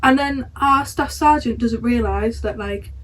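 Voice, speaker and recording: A young woman, chatting on a podcast as co-host and telling stories with animated, sweary acted-out quotes. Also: on the high side, measured pace. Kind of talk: casual chat.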